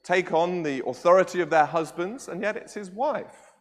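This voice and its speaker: Animated high-voiced preacher. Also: male voice, normal speed. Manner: animated storytelling with tag questions. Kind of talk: sermon. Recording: echoey church hall with long reverb.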